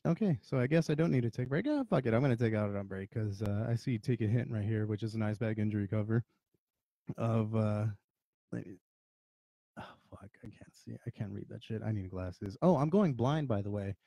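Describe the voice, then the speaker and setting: A man's voice: on the low side, fairly quick, mellow, no echo. A slightly drunk man hosting a podcast, rambling and swearing in casual chat. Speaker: podcast host.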